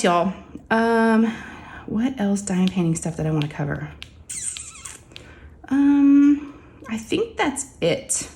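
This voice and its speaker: A woman's voice: mid-range voice, a little mellow. A woman, chatting casually and ramblingly to her viewers from her home craft room. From Texas. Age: 40s. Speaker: crafting vlogger.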